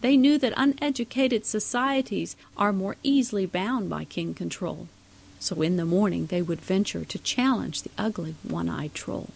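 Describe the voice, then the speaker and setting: A woman's voice: medium pitch, moderate pace, creaky, slightly rough, rough recording. A woman narrating a rhyming storybook poem in a sing-song delivery.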